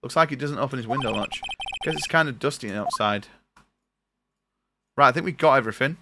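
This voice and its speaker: Here a young guy streaming a game keeps up a chatty patter, reading the dialogue on screen in his own voice despite a noisy recording. He has a medium-pitched voice and a brisk delivery.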